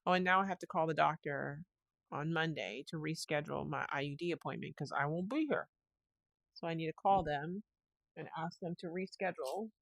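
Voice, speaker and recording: Woman podcast host, casual rambling monologue, gravelly fry, dead-dry close sound. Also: sits low, a little fast, dry recording. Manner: rambling, restarts sentences, retells phone calls.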